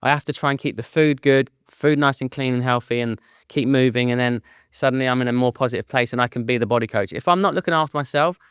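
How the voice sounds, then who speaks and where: An English man speaking as a guest in an interview, earnest and candid about feeling low. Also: fast, few pauses, clear, resonant tone, no echo, clean studio sound.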